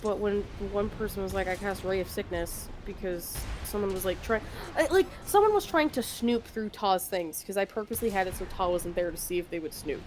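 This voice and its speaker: A woman's voice: medium pitch, animated, brisk, hardly any pauses, darkish tone, soft background music. A woman casually telling a long, rambling story about running a tabletop game, full of fillers and laughter.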